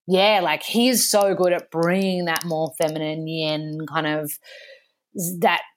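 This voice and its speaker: An Australian woman, a young adult, guesting on a casual podcast chat, telling lively stories full of "like" and acting out both sides of quoted exchanges. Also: low voice. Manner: chatty storytelling, acting out quoted exchanges, frequent "like".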